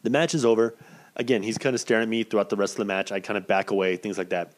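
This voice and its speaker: This is a thirtysomething wrestling cameraman recounting a story off the cuff. He swears heavily, and his animated voice keeps leaping around in pitch.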